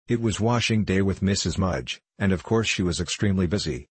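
Deep husky male audiobook narrator, formal and steady, dry close mic. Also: dry recording. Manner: measured, formal storytelling. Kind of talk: scripted narration.

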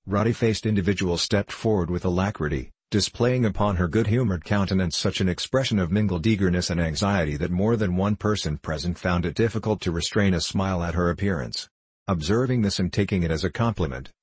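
A man narrating an audiobook in a measured, steady reading. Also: low voice, slightly rough, dry recording.

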